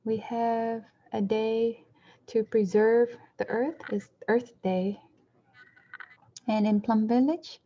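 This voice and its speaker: Soft-toned woman interpreting a dharma talk. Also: mid-range voice. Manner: measured, short phrases with occasional self-corrections. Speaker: interpreter for a Buddhist teacher. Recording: dull lo-fi recording.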